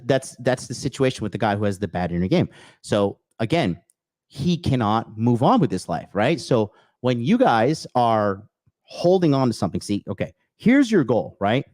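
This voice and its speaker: A man's voice: mid-range voice, darkish tone, no room sound. Blunt, swearing man ranting into a dry mic. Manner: blunt, crude, swears often, repeats okay; emphatic bursts, repeating key phrases. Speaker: podcast host. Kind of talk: profane motivational rant with chat replies.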